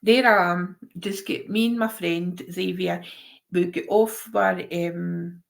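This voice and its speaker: Animated Scottish woman telling a story. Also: fairly low pitch, takes it slowly, vocal fry. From Scotland. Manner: animated, swears, laughs often, acts out voices. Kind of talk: casual storytelling chat.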